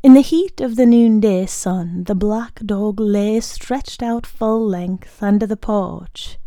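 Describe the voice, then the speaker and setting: A woman narrates a short story in a calm, measured manner. Her pace is slow and her tone mellow. The recording is dry and close. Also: mid-range voice, dry recording. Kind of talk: audiobook reading of a short story.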